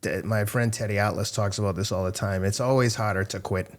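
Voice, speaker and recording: A middle-aged man with a lowish voice, speaking as a podcast guest. He talks frankly and emotionally about himself. He swears freely and laughs at his own failings. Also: steady tone, a little fast. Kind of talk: candid conversational interview.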